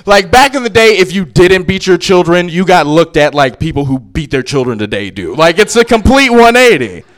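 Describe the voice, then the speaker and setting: A man's voice: sits high, expressive, normal speed. A young man doing a stand-up comedy set on a club stage, telling brash, profane stories into a handheld mic.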